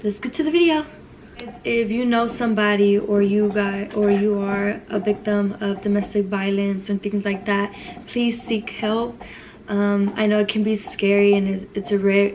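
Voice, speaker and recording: A young woman speaks in a casual storytime vlog, her pitch sitting in a middle register. She talks hesitantly, leaning on fillers and restarts, and her voice grows quiet and subdued. A faint noise sits under the recording. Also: flat delivery, normal speed. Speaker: vlogger.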